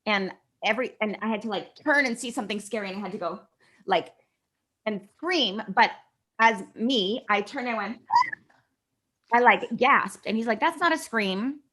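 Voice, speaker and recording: A middle-aged woman from California, a guest actress, chatting casually and telling stories in an animated way, acting out quoted dialogue. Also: medium pitch, moderate pace, slight background noise. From California, USA. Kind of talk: casual interview storytelling.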